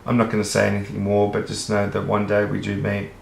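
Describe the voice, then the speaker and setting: Gravelly Australian man rambling earnestly. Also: on the low side, monotone, fast talker, slight background noise. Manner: earnest, rambling, casually profane. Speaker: vlogger. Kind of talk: rambling monologue to camera. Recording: roomy echo.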